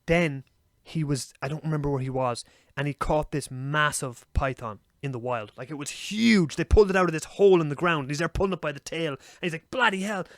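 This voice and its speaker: Fast-talking Irish man telling wild stories. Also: a little high, no room sound, clean studio sound. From Ireland. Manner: animated storyteller, swears freely. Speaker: podcast co-host. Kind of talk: casual chat.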